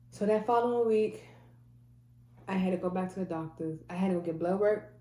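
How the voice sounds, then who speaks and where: A woman's voice: mid-range voice, a little fast, mellow, echoey room. A woman telling a personal faith testimony in a casual, emphatic way, repeating phrases and restarting often. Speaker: mother sharing a faith testimony.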